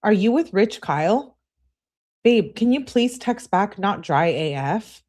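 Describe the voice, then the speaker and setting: A woman's voice: mid-range voice, animated, unhurried, darkish tone, voice pushed up. A woman reading aloud as an upset teenage girl, clingy and indignant, complaining in an exasperated way. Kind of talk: reading text messages aloud.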